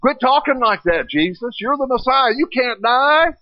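A man's voice: extremely high pitch, expressive, normal speed, no room sound, highs cut off, voice pushed up. A man voicing the apostle Peter as an impulsive adult man, protesting insistently. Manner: insistent, pleading.

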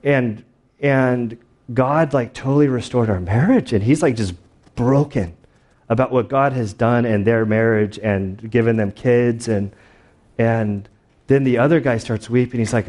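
A man's voice: medium pitch, measured pace, darkish tone. A man preaching a sermon as pastor, telling stories in a loose, conversational way with plenty of filler words. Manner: conversational storytelling with many fillers.

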